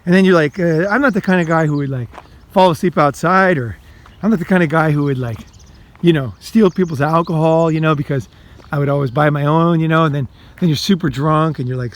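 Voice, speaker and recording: A man who coaches and hosts videos, talking bluntly to the viewer in a casual monologue, full of profanity and "you know"s, acting out inner voices. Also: on the high side. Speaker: life coach and video host.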